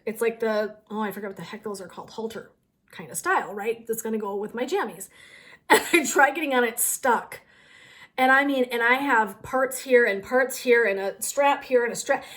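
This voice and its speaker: A middle-aged woman hosting a wellness channel, chatting casually to her viewers and giggling through a funny story. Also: a little high.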